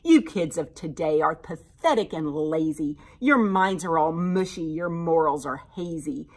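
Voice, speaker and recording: A woman's voice: sits low, expressive, measured pace, heavily acted. Woman growling as a sly horned homework monster. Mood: scornful. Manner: growling, snickering, gloating.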